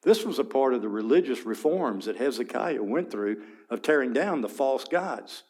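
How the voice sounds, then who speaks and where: A male Bible teacher leads a class through scripture in a relaxed, conversational voice of middling pitch. He paints scenes for his listeners and clears his throat now and then. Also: normal speed. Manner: conversational, vivid, asks listeners to picture scenes.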